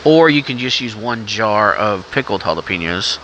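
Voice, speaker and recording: Man vlogger, coughing, rambling and blunt, casual profane talk over steady background noise with traffic. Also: fairly low pitch, normal speed, poor audio. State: has a cough.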